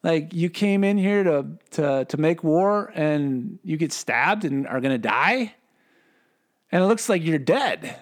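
Chatty male Bible teacher, higher voice. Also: expressive, slow pace. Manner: rambling, joking, self-correcting, asks rhetorical questions.

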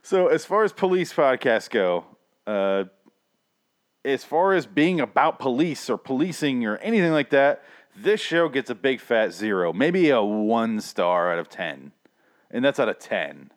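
A man co-hosting a podcast in a casual, profane chat, rambling and laughing often, his throat irritated so he keeps clearing it. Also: medium pitch, big pitch swings, a little slow. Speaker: podcast co-host reviewing other podcasts.

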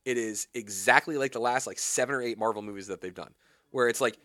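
A man's voice: quick pace, dry recording, clean studio sound. A young adult man hosting a radio talk show, chatting casually and ranting with growing animation. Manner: animated, rants with rising pitch and volume. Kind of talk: casual chat. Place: radio studio.

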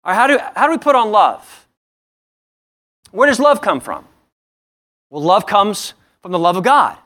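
A man with a high voice preaches a sermon in church. He is earnest and keeps asking his listeners questions, often repeating and restarting his phrases. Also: very animated, normal speed, fairly bright tone. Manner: earnest, asks the congregation many rhetorical questions. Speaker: pastor.

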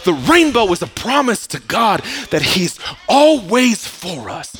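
Pastor, male, animated sermon delivery, bright lively voice, shifts from shouting to near-whispers. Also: high voice, a little slow, hardly any pauses.

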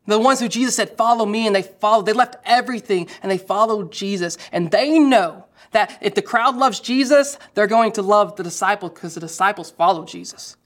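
Woman preaching a lively storytelling sermon. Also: medium pitch, a little fast, hardly any pauses. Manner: lively storytelling with quoted voices.

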